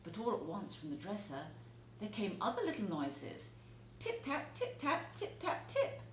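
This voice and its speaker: A woman teacher reading a children's storybook aloud, telling it with expressive, animated delivery. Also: lowish voice, moderate pace. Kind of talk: storybook read-aloud narration. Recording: echoey room, faint background noise.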